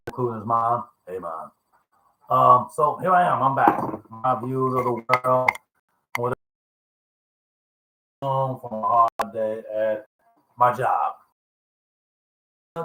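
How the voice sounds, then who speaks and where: A man's voice: medium pitch, sharp tone. A man in his fifties talking casually in a vlog, rambling through work stories, laughing often and swearing as he retells what people said. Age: 50s. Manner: rambling, laughing, chatty, quotes people with coarse language. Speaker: vlogger. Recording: echoey room.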